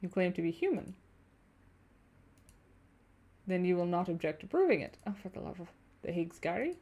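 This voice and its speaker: A woman's voice: lowish voice, very animated, quick pace, dark tone. A woman voicing a stiff, formal male tourist passenger in a game, with a half-hearted German accent and clipped, probing speech. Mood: solemn.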